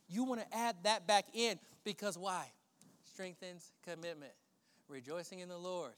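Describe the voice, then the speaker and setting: A male pastor preaching a sermon, swinging between loud emphatic preaching and hushed, prayerful murmurs. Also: extremely high pitch, normal speed. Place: church sanctuary. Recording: long church hall reverb.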